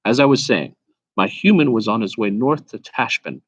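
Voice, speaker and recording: A man's voice: on the low side, lively intonation, husky, dry recording, muffled recording. A man doing a proud, blunt talking war horse. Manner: brisk, lecturing, faintly scornful. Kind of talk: storybook read-aloud.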